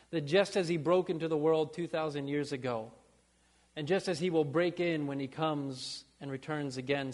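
Man preaching in a reverberant hall. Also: on the high side. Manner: earnest preaching, rising to fervent pleas then dropping soft. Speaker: pastor. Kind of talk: sermon.

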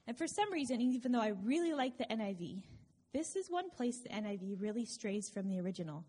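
Breathy woman preaching in a reverberant hall. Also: fairly high pitch, very animated, fairly quick, mellow. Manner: conversational, earnest, wry asides. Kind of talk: sermon.

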